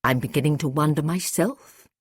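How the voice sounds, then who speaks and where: A woman reading an audiobook, voicing a calm, earnest male time traveller who speaks courteously. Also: sits low, moderate pace, breathy edge, no room sound, studio quality.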